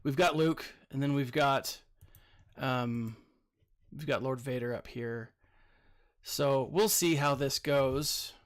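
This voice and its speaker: A man's voice: medium pitch, takes it slowly, long pauses. A man who works as a teacher, chatting casually while commenting on a mobile game, a little tired, rambling with lots of fillers.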